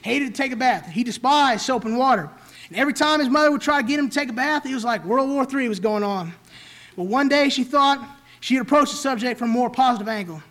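A man's voice: very high-pitched, expressive, quick pace, fairly bright tone. A man preaching a sermon in an emphatic, repetitive rhetorical style.

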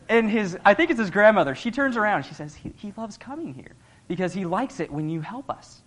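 A man's voice: high voice, expressive, fairly quick. A young man giving an earnest, conversational sermon, laughing often as he talks. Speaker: lay preacher.

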